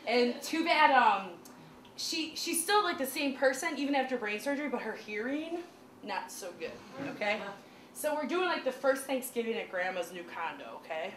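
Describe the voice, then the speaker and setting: High-voiced woman comic in an echoey club. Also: moderate pace. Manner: chatty, animated, many "like" fillers. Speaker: stand-up comedian. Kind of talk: stand-up storytelling. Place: small comedy club. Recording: echoey club room with crowd noise.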